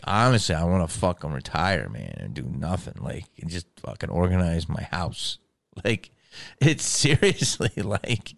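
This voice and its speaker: A middle-aged actor rants casually and profanely, swearing nonstop and sounding exasperated. His voice rises higher the more worked up he gets.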